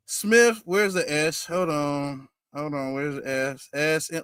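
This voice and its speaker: A man's voice: fairly high pitch, fairly even intonation, slow, hardly any pauses, fairly bright tone, clear, resonant tone, no room sound, clean studio sound. A man hosting a reaction video, talking back at a clip in a mocking, exasperated way. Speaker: reaction channel host. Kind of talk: casual reaction commentary.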